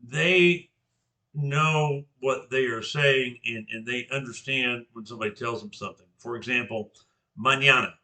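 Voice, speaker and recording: A man's voice: mid-range voice, unhurried, sharp tone. An older man from Georgia in the US giving an informal class presentation, carefully articulating his words with frequent restarts.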